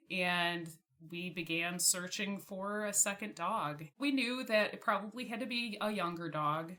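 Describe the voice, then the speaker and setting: A woman's voice: lowish voice, bright, forceful tone. A young woman in her twenties telling a story about her dogs in a casual, chatty way, often laughing and saying "like". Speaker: podcast guest.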